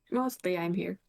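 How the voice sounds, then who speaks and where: Soft-spoken giggly woman on voice chat. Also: lowish voice, gravelly. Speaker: friend on voice chat. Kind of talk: casual chat over voice call.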